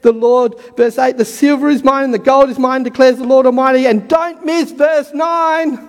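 A man preaching a sermon with fervour, repeating key lines and building to shouts, his voice going hoarse. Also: very high-pitched, steady tone, moderate pace, in a large hall.

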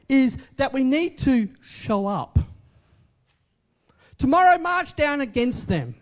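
A man preaching a sermon in a conversational way, repeating short phrases for emphasis and asking the congregation questions. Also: very high voice. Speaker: pastor.

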